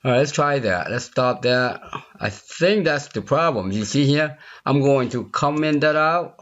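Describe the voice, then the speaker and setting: A man in an unscripted screen-recorded coding tutorial, thinking aloud as he works. He talks at a slow, unhurried pace, often repeating himself and checking whether the viewer follows. The audio is slightly dull and lo-fi, from a computer mic. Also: medium pitch, lively intonation, fairly bright tone. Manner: thinking aloud, repeats phrases, asks viewer "you see there?". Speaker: software tutorial instructor.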